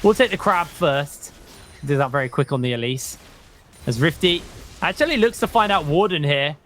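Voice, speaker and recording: A man calling an esports match play by play, quick and energetic. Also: on the high side, slight background noise. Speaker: play-by-play caster.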